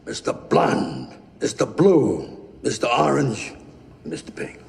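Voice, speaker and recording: An actor playing a gruff older male crime boss, with a gravelly voice, in a film clip. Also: medium pitch, big pitch swings, takes it slowly, slight background noise, heavily acted. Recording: roomy film clip with faint ambience.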